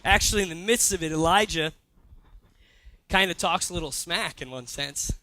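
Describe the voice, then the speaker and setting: A young man preaching a sermon, retelling a story with lively asides and quoted lines. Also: a little high, normal speed. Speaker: pastor. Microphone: handheld or stage mic.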